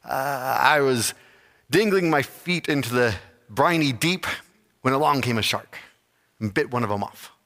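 A man voicing a gruff old male pirate who talks in a salty pirate way. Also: mid-range voice, animated, fairly bright tone, in a large hall. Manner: salty pirate talk with drawn-out "yar".

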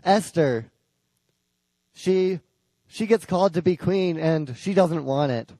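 A young man delivers a sermon, first reading scripture and then retelling it in plain, casual storytelling. His voice sits a little high but sounds warm and soft. The sound is close and dry, with no room around it. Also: slow pace, no room sound, big-room sound, rough recording. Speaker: preacher.

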